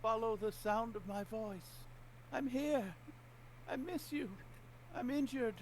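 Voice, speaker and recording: A man's voice: very high-pitched, slow pace, heavy background noise, pitched above the performer's own voice, full character voice. A man voicing an injured mother's voice that pleads with her son to come find her. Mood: pleading. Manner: plaintive, crying out.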